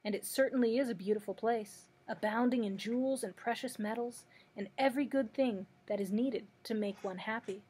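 Woman reading old meek wizard man, apologetic, husky voice, a bit high. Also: a little fast, few pauses. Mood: confessing. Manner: confessing, gentle storytelling delivery.

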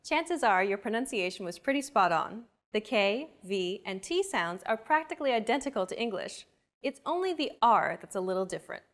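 A woman's voice: a little high, sing-song, fairly quick, a bit bright. Woman hosting a scripted language lesson. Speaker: lesson host.

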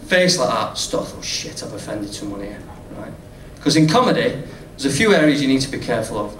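A man's voice: mid-range voice, animated, fairly quick, a bit bright. A man with a Northern English accent telling a stand-up story, chatty, swearing freely and laughing at his own jokes. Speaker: stand-up comedian. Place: comedy club stage with audience. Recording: roomy, distant live recording with noise.

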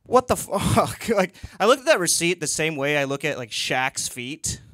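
Young male comic, stand-up set, dry storyteller, slightly high voice, close dry sound. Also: very animated, normal speed, a bit bright, no echo. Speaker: stand-up comedian. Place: comedy club.

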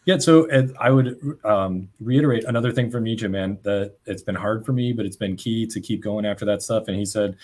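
A man speaking on a webinar panel in a slightly low, husky voice. He thinks out loud, circling back and restarting phrases as he works through lessons from running a small business. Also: a little fast, few pauses. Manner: musing, restarts phrases often.

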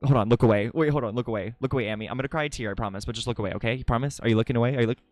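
Rapid-fire and darkish in tone, a man chats casually with his livestream audience from his room, with no room sound on the recording. His manner is playful and dramatic, and he jumps to high, squeaky jokes.

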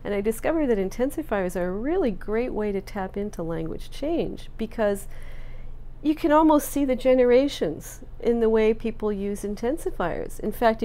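Middle-aged canadian-raised lady, language researcher, soft mellow voice, gets all excited explaining stuff. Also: medium pitch, slight background noise. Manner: enthusiastic, explanatory. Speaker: linguistics researcher. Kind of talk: filmed documentary interview.

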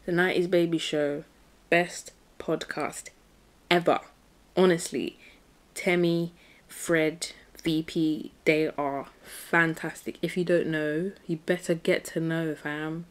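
A woman's voice: low-pitched, steady tone, unhurried. A young woman hosting a casual solo podcast, chatty and playful, dropping slang and breaking into bits of song. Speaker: podcast host.

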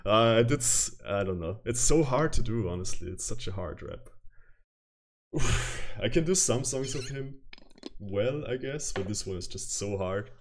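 A man's voice: fairly low pitch, lively intonation, unhurried. Giggly man streaming a game. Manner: chatty, giggly, reacts loudly to the game. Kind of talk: live-stream gameplay commentary.

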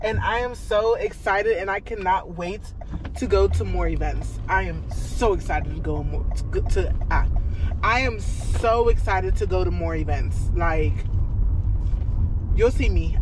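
A woman's voice: on the low side, unhurried, noisy background. A young woman vlogging casually to her phone camera, chatty and effusive, often saying "like" and "y'all". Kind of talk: casual vlog talk to camera.

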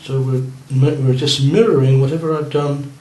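Here a male art teacher's mid-range voice stays steady and a little mellow, moving at a normal pace. He's teaching beginners to paint, coaching them as he works and checking how their pieces are coming along. Faint noise sits under a roomy-sounding space.

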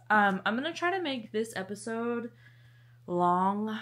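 A woman's voice: on the high side, animated, unhurried, fairly bright tone. A young woman chatting casually in a book vlog, bubbly and talkative, with sweet asides to her dog. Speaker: book vlogger.

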